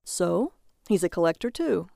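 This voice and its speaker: A woman's voice: fairly low pitch, big pitch swings, moderate pace, gravelly, warm tone, dry recording, studio quality. A woman voicing a dim, eager husband who collects junk, earnest and defensive.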